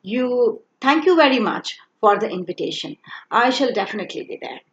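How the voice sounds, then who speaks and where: A gracious woman teacher welcoming a student, as a woman reads her lines. The pitch is lively, and the room echoes. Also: moderate pace, lo-fi sound.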